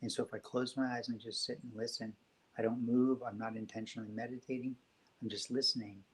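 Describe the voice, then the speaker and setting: A man speaking as a guest on a spiritual talk show, telling stories in a gentle, reflective way. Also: mid-range voice, level tone, fairly quick, low-quality recording.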